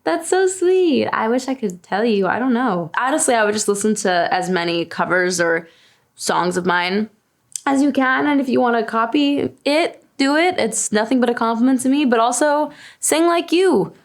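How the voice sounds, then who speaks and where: Young woman from long island, chatty and jokey, a bit of fry in her voice, just talking to camera. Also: on the high side, moderate pace. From Long Island, New York. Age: 20s. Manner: chatty, self-deprecating, laughs often. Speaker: singer answering internet questions. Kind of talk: casual unscripted chat to camera.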